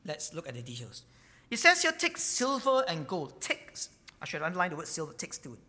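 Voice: mid-range voice, wildly swooping pitch, fast, pushed and bright, in a large hall. A pastor preaching a sermon, emphatic and repetitive, stumbling over words with frequent fillers. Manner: emphatic, repeats key words.

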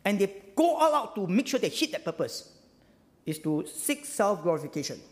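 Animated high-voiced Singaporean pastor preaching. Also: male voice, normal speed. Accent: Singaporean English. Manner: animated, peppered with "ah" and "lah" tags, rhetorical questions. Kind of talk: sermon. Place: church hall. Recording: long hall reverb.

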